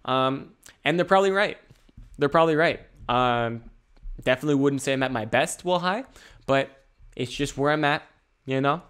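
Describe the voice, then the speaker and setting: A man's voice: medium pitch, moderate pace, long pauses, a bit bright, clean tone. A man hosting his own podcast, rambling and joking in a laid-back solo monologue. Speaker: podcast host.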